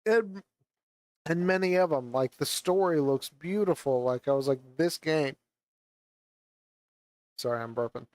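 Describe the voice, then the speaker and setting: Pausing for long stretches, a man with a slightly high, unhurried voice rants angrily about a game as he plays. He wears a VR headset and swears and vents into a gaming mic like a gaming vlogger. There's no echo.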